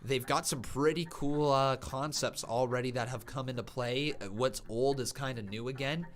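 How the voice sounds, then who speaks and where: A man hosting a live wrestling watch-along stream. He reacts loudly to the action and chats with viewers in between. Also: mid-range voice, moderate pace, faint music behind. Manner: excitable, bursts into shouting calls; chatty, thanks viewers from live chat.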